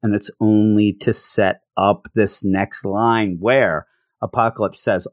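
A man's voice: on the low side, steady tone, slow pace, dry recording, clean studio sound. A man casually recapping a comic issue with sarcastic, rambling commentary and frequent stammered restarts. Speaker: comic book podcast host.

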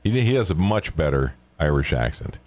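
A man's voice: very deep voice, big pitch swings, moderate pace, darkish tone. Laughing man hosting a joke podcast. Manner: laughs often, retells jokes with acted voices. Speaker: podcast host. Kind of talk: casual joke-telling chat.

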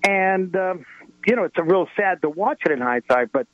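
A man's voice: high voice, expressive, normal speed, dry recording. A man calling in to a radio talk show, speaking earnestly and rambling with many fillers. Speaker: caller. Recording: dull lo-fi radio sound.

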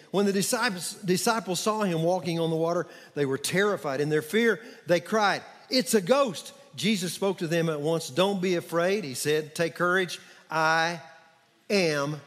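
A man preaching a sermon as pastor, animated and calling on the congregation to answer back. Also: a little high. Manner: animated, calls for congregation responses. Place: church sanctuary. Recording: church hall with long reverb.

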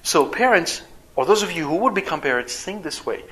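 A man preaching with a bright, slightly high voice that carries energy. He speaks animatedly, dropping into little acted-out voices, like a pastor addressing his flock. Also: fairly quick. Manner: animated, acts out quoted voices. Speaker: father. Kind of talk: sermon.

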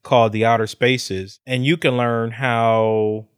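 A middle-aged man co-hosting a podcast, talking casually with lots of cursing, laughter and animated storytelling. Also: medium pitch, unhurried, clear, resonant tone, no echo, clean studio sound. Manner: profane, animated storyteller who laughs often. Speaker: podcast co-host.

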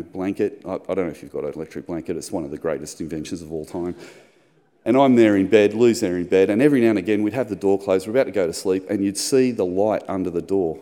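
A middle-aged man preaching a sermon as a pastor, telling personal stories and putting on squeaky voices in them. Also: mellow. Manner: storytelling, acts out squeaky high voices in anecdotes. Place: church hall. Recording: long hall reverb.

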